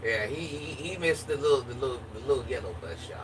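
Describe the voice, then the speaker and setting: A woman's voice: extremely low pitch, lively intonation, fast. A woman chatting casually with her viewers in a playful, joking manner. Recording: distant mic with faint background noise.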